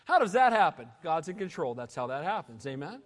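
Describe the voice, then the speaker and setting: Emphatic high-voiced preacher man in a hall. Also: very animated, brisk. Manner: emphatic preaching, rising to loud bursts, asking "amen?". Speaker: pastor. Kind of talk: sermon.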